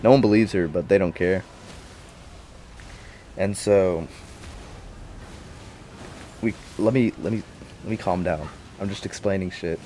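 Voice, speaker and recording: A man's voice: low voice, unhurried, long pauses, warm tone, a little hiss or hum. A young man rambling casually about a show he watched, full of slang and swearing. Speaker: vlogger.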